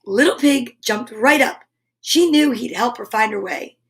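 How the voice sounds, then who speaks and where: A woman reading a children's picture book aloud on a livestream, gentle and enthusiastic, often dropping to a whisper. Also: on the high side, a little slow, slight background noise. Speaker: storyteller.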